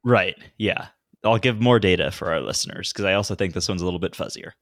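A man's voice: low-pitched, quick pace, a bit bright. A man co-hosting a podcast in casual, offhand banter, chuckling as he talks. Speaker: podcast co-host.

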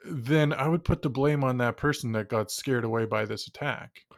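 A man hosting a podcast in casual chat, pausing and searching for words. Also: mid-range voice, dry recording, studio quality. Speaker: podcast host.

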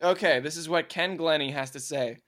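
A man's voice: a little high, brisk, fairly bright tone. A man co-hosting a casual comedy chat, teasing his friends and laughing often. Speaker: podcast co-host.

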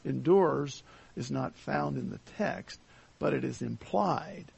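Slow, gravelly-voiced man teaching Scripture. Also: a little high, animated, a little mellow, lo-fi sound. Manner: slow and deliberate, with many pauses and fillers. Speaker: Bible teacher. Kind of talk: verse-by-verse Bible lesson.

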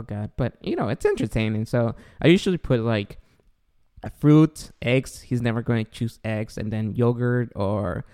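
A man's voice: medium pitch, clean tone. A man in his thirties with a Guatemalan accent, hosting a casual podcast chat and acting out voices as he tells stories. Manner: animated, acts out voices in anecdotes. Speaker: podcast host.

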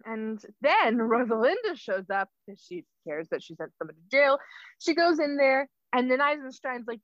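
A young woman recaps a story in a casual, playful way, with a high voice. The recording is dull and lo-fi. It sounds dry and close. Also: expressive, dry recording. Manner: playful, acts out characters in quick asides and laughs. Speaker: co-host giving a plot synopsis. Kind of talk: casual chat.

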